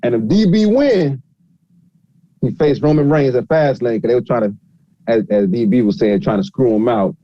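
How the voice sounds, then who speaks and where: A man's voice: mid-range voice, moderate pace, dark tone, no room sound, lo-fi sound. A man hosting a casual podcast, recapping a show in a rambling way with lots of fillers. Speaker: podcast host.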